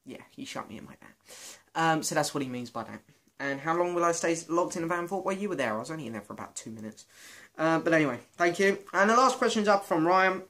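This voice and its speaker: A man's voice: on the high side, sharp tone. A young British man answering viewer questions in a casual, self-mocking vlog. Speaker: vlogger. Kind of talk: casual Q and A chat.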